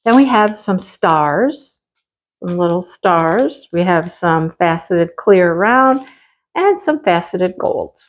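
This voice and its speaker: Chatty woman unboxing crafts, lively. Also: fairly low pitch, poor audio. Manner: chatty, talks to her cat and to viewers; lively and enthusiastic, quick laughs. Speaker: craft vlogger. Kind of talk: casual unboxing chat.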